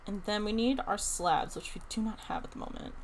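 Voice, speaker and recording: A young woman streaming a building game, chatting casually and thinking aloud in an excited, talkative way. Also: medium pitch, a little fast, slight background noise. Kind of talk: casual live-stream chat while playing a building game.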